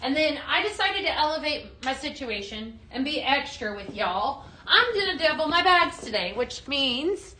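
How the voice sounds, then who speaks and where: A woman hosting a live sales stream, gushing excitedly and talking straight to her viewers in a chatty product demo. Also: high voice, normal speed, hardly any pauses, a little hiss or hum, poor audio. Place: indoors, dimmed room.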